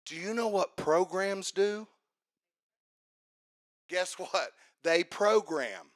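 A man preaching a fiery sermon, swinging from hushed asides to shouted emphasis. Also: high voice, lively intonation, slow.

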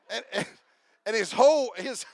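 A man's voice: very high-pitched, vocal fry, no echo. A man preaching a sermon to his congregation, joking and repeating himself as he talks to people in the room by name. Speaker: pastor.

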